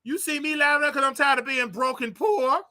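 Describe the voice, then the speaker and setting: A man hosting a casual livestream, talking straight to his viewers in an animated, repetitive way with preachy asides. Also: extremely high pitch, normal speed. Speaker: livestream show host.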